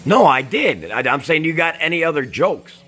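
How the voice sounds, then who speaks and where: A man's voice: a little high, big pitch swings, moderate pace, pushed and bright, faint music behind. A middle-aged man, a father and host, chatting with his own father in a joking, teasing way. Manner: joking, teasing, mock-offended. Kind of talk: casual chat.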